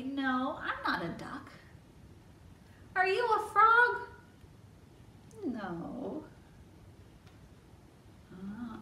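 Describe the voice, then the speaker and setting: High bright librarian woman, slow and coaxing. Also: distant mic, a little hiss or hum. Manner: coaxing, asks children questions. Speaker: children's librarian. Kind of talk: toddler storytime. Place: library room. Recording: echoey room, mic set back.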